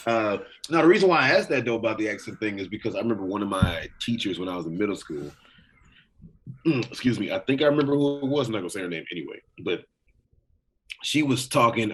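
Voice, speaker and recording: A man's voice: low-pitched, fairly bright tone, a little hiss or hum. A man co-hosting a podcast in casual, rambling chat, swearing freely. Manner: rambling, profane, full of fillers. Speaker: podcast co-host.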